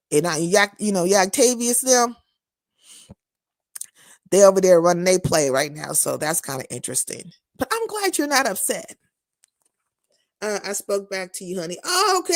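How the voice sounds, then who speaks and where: A woman live streaming, chatting casually with her viewers and answering their comments in a blunt, profane, animated way. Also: medium pitch, dry recording, studio quality. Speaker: live streamer and content creator.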